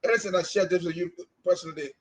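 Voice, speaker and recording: High-pitched impassioned man from Liberia. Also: racing, poor audio. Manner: emphatic, repeats words when stressing a point. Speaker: podcast co-host. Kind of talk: impassioned opinion commentary.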